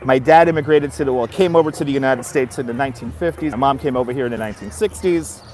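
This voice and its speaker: A man's voice: medium pitch, fast, darkish tone, a little hiss or hum. A man in his fifties with a Brooklyn accent, chatting bluntly on a live stream outdoors and answering viewer comments. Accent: Brooklyn New York. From Brooklyn, New York. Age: 50s. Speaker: livestreamer. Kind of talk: casual live-stream chat. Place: outdoors in a busy seaside city area.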